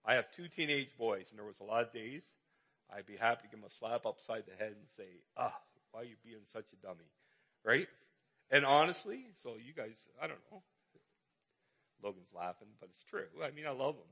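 A man's voice: medium pitch, animated, fairly quick, bright, forceful tone, husky. A middle-aged man, a pastor, preaching a conversational sermon with lots of repetition and rhetorical questions.

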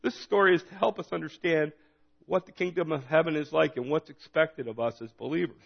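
A man preaching a sermon in a relaxed, conversational way, reading scripture and retelling it in his own words. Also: fairly high pitch, a little fast, creaky. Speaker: pastor. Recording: dull lo-fi recording.

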